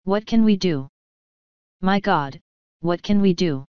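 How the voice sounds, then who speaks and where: A woman reading as a desperate English politician in trouble, groaning and gloomy. The voice is low, very clear and dry, on slightly dull audio. It is plainly read in an audiobook. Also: slow, no echo. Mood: despairing. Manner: despairing, groaning. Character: anxious Englishman, rising politician.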